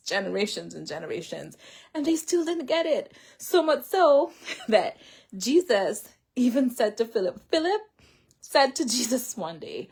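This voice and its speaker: Breathy woman giving a chatty faith talk. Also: mid-range voice. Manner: chatty, says "like" often, laughs lightly, retells scripture in her own words. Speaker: faith speaker. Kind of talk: casual sermon-style talk.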